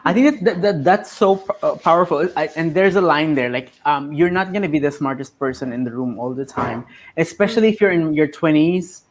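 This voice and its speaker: A man's voice: a little high, fairly quick. A man in his thirties hosting a casual interview, sharing reflective advice and often repeating his words as he thinks. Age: 30s. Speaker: host.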